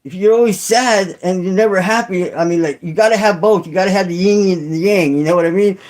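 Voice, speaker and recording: A middle-aged man chatting loosely to his viewers on a livestream, his voice sitting a little high for a man. He rambles and swears, circling back through "I mean" and restarts. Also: brisk, a little mellow, low-quality recording. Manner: rambling and profane, many fillers and restarts. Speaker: channel host. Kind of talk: casual livestream chat with viewers.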